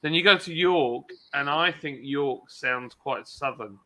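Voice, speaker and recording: Slow, very bright man. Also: fairly high pitch. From England. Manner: rambling, mimics regional accents. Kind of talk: casual chat.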